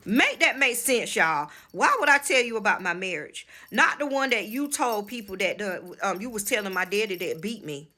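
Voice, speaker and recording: A woman with a bright, forceful voice tells a personal story straight to her viewers in a casual vlog. She is frank and emphatic, calls her audience y'all, and swears freely. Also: medium pitch, expressive, normal speed, hardly any pauses. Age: adult, married with children. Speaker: spiritual channel host.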